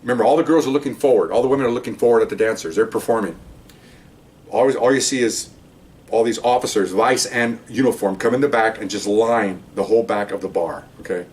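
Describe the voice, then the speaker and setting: Older man telling cop stories, fast and animated. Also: lowish voice, far from the mic. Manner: animated, acts out voices in quotes. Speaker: retired police officer telling stories. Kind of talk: casual storytelling to camera.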